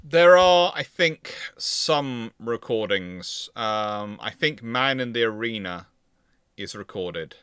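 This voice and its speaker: A man's voice: medium pitch, animated, slow, a bit bright, smooth, dry recording. A man presenting naval history in a casual lecture, rambling and correcting himself as he goes. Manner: rambling, self-correcting, chuckling.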